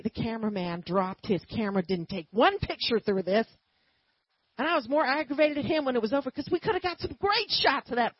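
A woman preaching a sermon and telling a personal story, swinging from quiet asides to loud emphatic bursts. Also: on the high side, breathy edge, dry recording, highs cut off.

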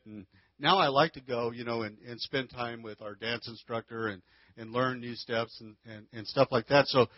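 A man's voice: mid-range voice, no echo, muffled recording. A man giving a casual, folksy church lesson on marriage into a handheld microphone, with frequent restarts. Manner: folksy, conversational teaching with many restarts. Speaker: marriage teacher. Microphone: handheld mic.

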